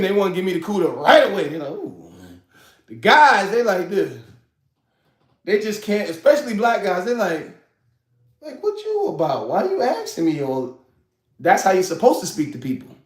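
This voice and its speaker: A man in his forties hosts his own show, chatting casually to the camera, laughing often and saying "you know what I'm saying" a lot. His voice sits high, and the room is echoey.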